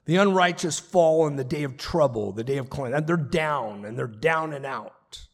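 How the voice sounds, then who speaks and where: A man's voice: mid-range voice, moderate pace. A man pastor preaching a sermon, earnest and emphatic, repeating his points. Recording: long reverb of a large hall.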